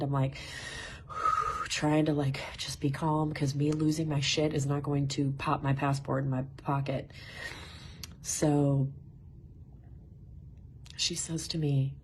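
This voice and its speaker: A woman casually telling a personal story in an animated way, swearing and laughing as she goes. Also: sits low, gravelly, a little hiss or hum.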